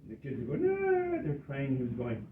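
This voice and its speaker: A man retelling a family story in a relaxed way. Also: mid-range voice, fast, slight background noise. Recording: tinny, echoey, far from mic.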